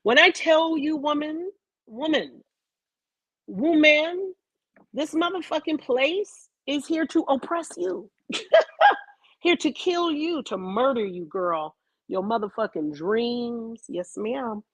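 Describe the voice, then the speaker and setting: A woman's voice: high voice, expressive, slow, dry recording. A woman vlogger talking in a casual commentary style, emphatic and dramatic, with heavy swearing.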